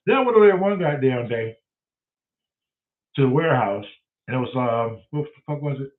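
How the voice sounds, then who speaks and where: A man, hosting and telling a profane, animated story, acting out both sides of the conversation. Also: mid-range voice, normal speed. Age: 60s. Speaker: host. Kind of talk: casual storytelling. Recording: tinny phone-like sound.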